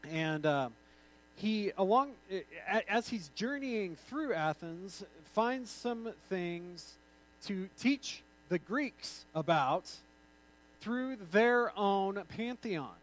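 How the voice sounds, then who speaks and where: A man's voice: high-pitched, rough recording. A male pastor giving an informal, conversational sermon with joking asides.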